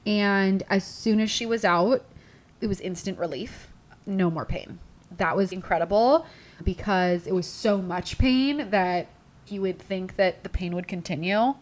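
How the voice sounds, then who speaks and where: A woman hosting a podcast, telling a personal story in a chatty, animated way, full of "like" and acted-out quotes. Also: mid-range voice, unhurried. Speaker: podcast host.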